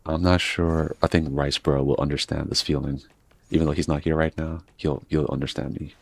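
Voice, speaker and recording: A man's voice: rumbling low, little pitch movement, normal speed, vocal fry, slightly rough. A man chatting casually while he plays a game, meandering between stories and swearing freely. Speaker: gaming streamer. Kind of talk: casual rambling chat while playing.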